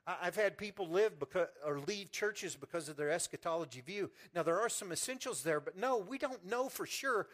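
A folksy pastor preaching to his church in a fairly high voice. He climbs to fervent, loud peaks and then drops into quiet, homespun storytelling, often repeating words as he goes. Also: animated, fairly quick, few pauses. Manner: preaching with rising fervor, then soft storytelling. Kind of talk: sermon.

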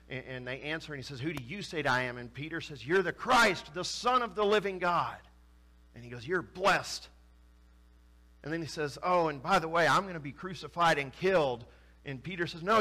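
A man preaching a sermon, retelling scripture stories and acting out the voices of the people in them. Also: a little high. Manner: animated, acts out quoted voices with rising intensity. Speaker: pastor.

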